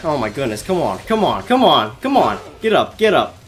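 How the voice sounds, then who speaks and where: A man giving live gameplay commentary from his bedroom, excitable and quick to shout and laugh. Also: mid-range voice, soft background music. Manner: excitable, loud exclamations and laughs. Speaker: gaming YouTuber.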